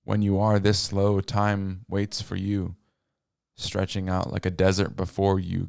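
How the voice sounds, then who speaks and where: A man giving scripted narration in a wry, deadpan, digressive manner. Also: sits low, slow pace, creaky, clear, resonant tone, no room sound, clean studio sound.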